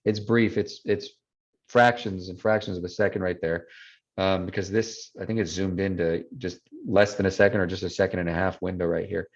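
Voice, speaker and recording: A man's voice: sits low, steady tone, brisk. A man teaching a Spanish class online, explaining patiently and mixing English with Spanish. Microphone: video call. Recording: dull lo-fi video call audio.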